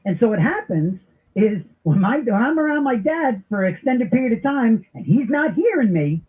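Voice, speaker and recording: A middle-aged man hosting a talk radio show, telling stories in an animated, comic way. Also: very high-pitched, normal speed. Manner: animated storyteller with comic impressions. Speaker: radio host. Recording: tinny phone-like broadcast audio.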